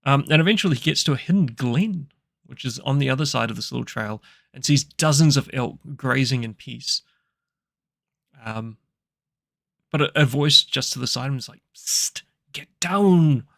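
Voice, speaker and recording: Gravelly man narrating a solo tabletop game. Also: mid-range voice, moderate pace, long pauses, fairly bright tone, no room sound, clean studio sound. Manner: rambling, many fillers and self-corrections.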